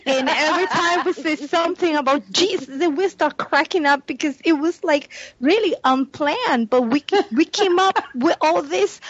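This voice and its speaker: A woman co-hosting a podcast, telling an animated story in casual chat and laughing often as she goes. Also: sits high, measured pace, no echo. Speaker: podcast co-host. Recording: dull lo-fi podcast audio.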